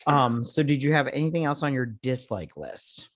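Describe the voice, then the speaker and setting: A man's voice: mid-range voice, sing-song, moderate pace, dry recording, studio quality. A man co-hosting a casual, tipsy movie review podcast, rambling and swearing with lots of fillers as he drinks. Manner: rambling, profane, filler-heavy. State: drinking while talking. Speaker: podcast co-host.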